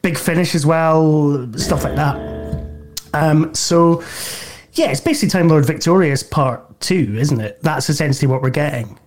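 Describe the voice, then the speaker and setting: Wry, hesitant panelist. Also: male voice, on the high side, normal speed, soft background music. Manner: hesitant starts, wry opinionated. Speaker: podcast panelist. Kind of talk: casual podcast chat.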